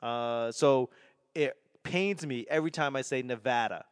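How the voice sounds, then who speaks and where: A man's voice: mid-range voice, a little slow, smooth, no echo. A man in his forties from Boston with a faint Boston accent, rambling through a solo podcast monologue in a self-deprecating, sarcastic way. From Boston, New England. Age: 40s. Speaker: comedian and podcast host.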